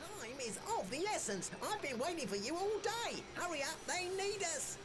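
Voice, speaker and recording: A woman's voice: high-pitched, animated, moderate pace. A woman voicing an eager boy guide character in a children's game, chirpy and instructive. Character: cheerful pirate-gear boy guide character. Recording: game music under the voice.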